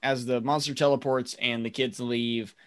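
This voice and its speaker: A man's voice: mid-range voice, little pitch movement, moderate pace, a bit bright, clean tone, no room sound, studio quality. A man co-hosting a podcast, steadily walking through a recap in casual chat with many fillers. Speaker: podcast co-host.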